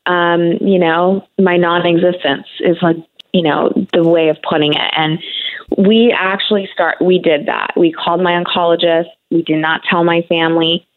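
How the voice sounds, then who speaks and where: A woman's voice: fairly low pitch, flat delivery, moderate pace. A woman in her thirties, a guest on a talk show, speaking candidly in a conversational way with many fillers. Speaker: guest sharing her cancer story. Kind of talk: emotional interview conversation. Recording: tinny phone-like radio audio.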